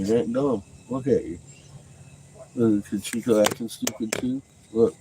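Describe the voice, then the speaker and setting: A man at home talking casually to his dogs, swearing freely and slipping into high coaxing pet talk. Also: steady tone, a little slow, warm tone, a little hiss or hum, rough recording.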